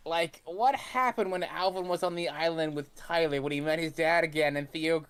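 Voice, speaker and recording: A man with a fairly high voice reads his lines with hesitations and restarts. He often stops to correct himself. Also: moderate pace, a bit bright, smooth. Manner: hesitant, stumbling, self-correcting. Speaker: fanfic reader. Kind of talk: casual comedic chat.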